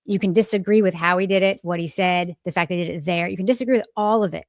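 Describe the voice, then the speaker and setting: A woman's voice: lowish voice, fast, no echo, studio quality. A woman co-hosting an opinion podcast, talking candidly and emphatically, often restarting her thoughts mid-sentence. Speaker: podcast co-host. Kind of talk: casual opinion talk.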